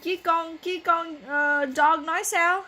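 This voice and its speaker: A woman's voice: very high voice, fairly even intonation, moderate pace, sharp tone. A woman whose first language is Vietnamese, a mother playing a bedtime game with her toddler, coaxing, playful and laughing often as she switches between two languages at home.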